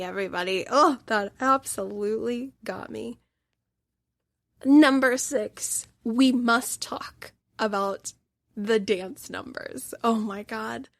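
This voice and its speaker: A woman's voice: medium pitch, no room sound. A woman hosting a podcast, reviewing a film in a gushing, emphatic monologue and now and then dropping into a whisper for emphasis. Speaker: podcast host.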